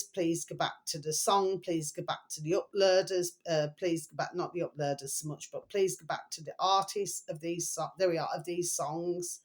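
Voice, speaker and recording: A middle-aged woman rambling in a casual, emotional monologue to her viewers, full of repeated pet phrases. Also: lowish voice. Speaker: vlogger.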